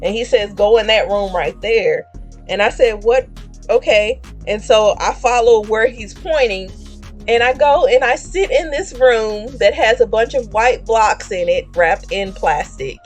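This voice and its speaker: A woman streamer casually telling a dream story, animated and laughing as she acts out the people in it. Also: mid-range voice.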